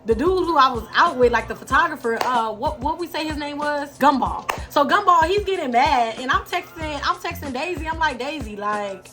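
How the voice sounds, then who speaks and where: A young adult woman telling a storytime vlog in an animated, slangy way, talking straight to her viewers. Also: high voice, fairly quick, hardly any pauses, music in the background. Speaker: vlogger.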